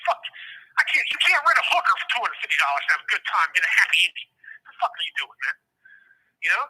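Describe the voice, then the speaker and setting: A man's voice: sits high, big pitch swings, fast, bright, forceful tone, husky, poor audio. A middle-aged man from Ohio, a prison inmate guest on a phone interview, talking in a heated, profane and rambling way.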